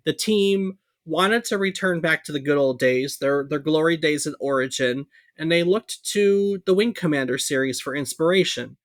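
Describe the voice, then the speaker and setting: A man co-hosting a podcast in a loose, conversational way, sprinkling in fillers and asides. His voice sits a little high, and the recording is dry and close with no room sound. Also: moderate pace, hardly any pauses, no echo. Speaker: podcast co-host. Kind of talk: casual podcast history talk.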